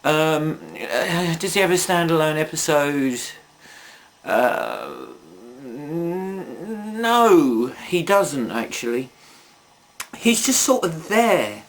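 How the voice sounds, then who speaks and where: A man's voice: on the high side, very animated, very slow, pauses often. A man reviewing toys in a casual video, rambling and chatty, full of asides and self-mocking jokes. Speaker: toy reviewer.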